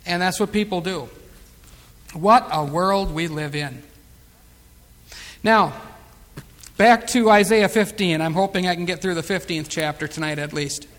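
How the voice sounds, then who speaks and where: Male pastor, high voice, Bible-study sermon, slow emphatic scripture reading, chatty asides, reverberant room. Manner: reads scripture slowly and loudly, chats and chuckles between verses. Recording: long reverb of a hall.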